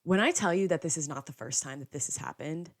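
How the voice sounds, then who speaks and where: Talking quickly, a young podcast host with a notably deep voice delivers a relaxed monologue. She peppers her sentences with "like" and drops into quoted dialogue as she recounts what happened, keeping things loose and chatty.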